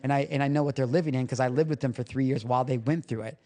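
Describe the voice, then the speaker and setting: A man's voice: medium pitch, rapid-fire, dark tone. A man guesting on a podcast as a recovery coach, telling a personal story candidly and emotionally, swearing casually.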